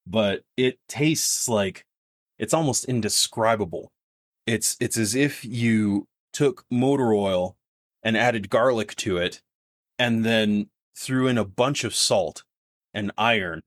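A man's voice: fairly low pitch, dry recording, studio quality. A man narrating as game master in a tabletop game, with vivid, descriptive narration.

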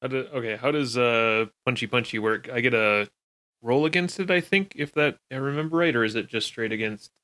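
A man's voice: mid-range voice, fairly quick, pushed and bright. A man playing in a tabletop game, talking in a casual, laid-back way. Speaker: player.

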